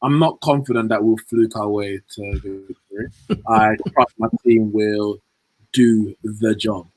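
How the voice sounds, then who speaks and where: A man giving animated, joking football opinions as a podcast co-host. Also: fairly low pitch, unhurried, no echo, rough recording. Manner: animated, joking, uses fillers. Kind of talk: casual chat.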